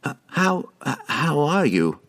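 A man doing a stammering, high-voiced wizard. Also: sing-song, slow pace, darkish tone, slightly rough, full character voice. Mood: earnest. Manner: stammering, earnest. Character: flustered, kindly male wizard.

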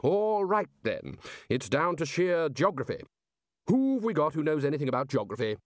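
A man voicing a blustery elderly head wizard in an audiobook, loud, bluff and impatient. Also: on the high side, very animated, moderate pace, no echo, clean studio sound, voice pushed up.

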